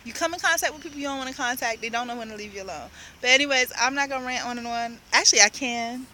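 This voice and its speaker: Bright-voiced woman ranting casually. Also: fairly high pitch, quick pace, a little hiss or hum, low-quality recording. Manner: chatty, storytelling, quotes people in her own voice. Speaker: vlogger. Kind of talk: casual rambling rant.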